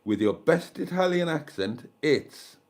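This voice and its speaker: A man's voice: a little high, big pitch swings, measured pace. An older man with a South Welsh accent, hosting a live stream in casual chat, rambling as he thinks aloud and thanks viewers. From South Wales.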